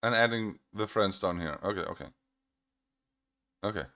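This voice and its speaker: With a lowish, sharp-toned voice at normal speed, an Australian online creator responds to a critic in a casual video. He sounds sarcastic and mocking and goes over his points repeatedly.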